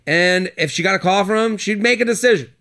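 Young man, podcast host, bright slightly high voice, casual joking chat. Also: vocal fry. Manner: joking, chatty, quick asides.

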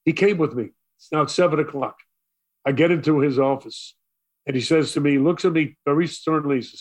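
Older man, animated storyteller. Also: a little high, a little fast. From Brooklyn, New York. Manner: lively storyteller acting out quoted voices. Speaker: radio DJ guest. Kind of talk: storytelling interview.

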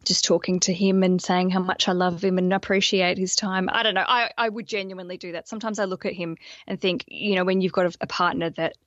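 A woman from Australia with an Australian accent, chatting as a guest on a coaching podcast, lively and animated. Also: lowish voice, no room sound, dull audio. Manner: chatty and animated, with quick put-on voices. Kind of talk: casual chat.

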